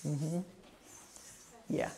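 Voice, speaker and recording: A woman teaching a citizenship class in a ministry center, sounding words out slowly and clearly, syllable by syllable, and encouraging her students. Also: warm tone. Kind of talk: patient pronunciation drilling.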